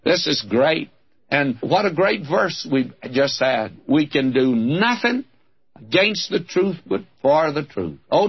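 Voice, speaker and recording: A man's voice: fairly high pitch, slightly rough, dull audio. A man with a Southern American accent preaching a radio Bible sermon, fervent and exclamatory, calling his listeners friends.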